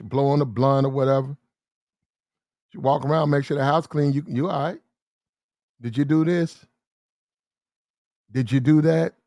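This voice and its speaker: A man's voice: medium pitch, dry recording, clean studio sound. A man in a casual monologue, rambling and repetitive in slangy street talk, often acting out heated arguments. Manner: quick shifts into acted-out shouting arguments.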